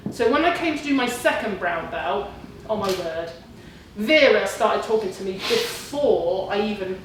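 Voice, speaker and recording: A woman's voice: mid-range voice, slight background noise. A woman in her forties telling a class the story of her kickboxing gradings, acting out her own inner voice and her family's lines. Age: 40s. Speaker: kickboxing student giving a talk. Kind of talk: speech to a class. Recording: distant and very echoey with faint ambience.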